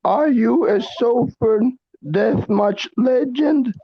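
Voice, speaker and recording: A woman from New York, co-hosting a comedy podcast, speaking in a hesitant, halting way. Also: a little high, slightly rough, no echo, dull audio. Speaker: co-host.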